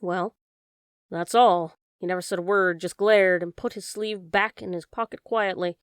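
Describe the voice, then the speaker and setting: A nervous middle-aged village doctor, as a woman reader puts him on, telling of a scare in a shaken, hurried way. The voice sits at an ordinary middle pitch. The audiobook sound is close and dry, with no room around it. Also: steady tone, clean tone, dry recording, close to an everyday voice. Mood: uneasy. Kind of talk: audiobook character voice.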